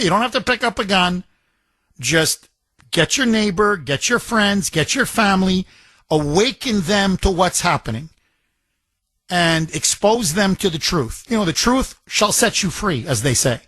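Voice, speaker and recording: High-pitched, impassioned talk radio host. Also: male voice, expressive, a bit bright, dry recording. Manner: impassioned, rapid, with bursts of mocking impressions.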